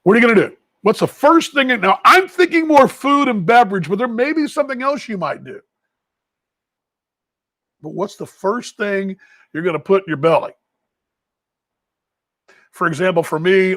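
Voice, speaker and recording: A man with a fairly high voice chats casually on a live stream, rambling between viewer comments with an easy, self-deprecating humor. He is from Texas and talks as a team broadcaster at a ballpark. The sound is dry and close, with little room around it. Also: fairly bright tone, dry recording.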